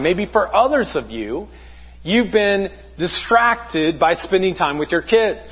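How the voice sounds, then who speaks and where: High-voiced husky pastor preaching. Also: male voice, big-room sound, lo-fi sound. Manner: conversational preaching with rhetorical questions. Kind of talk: sermon. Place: church sanctuary.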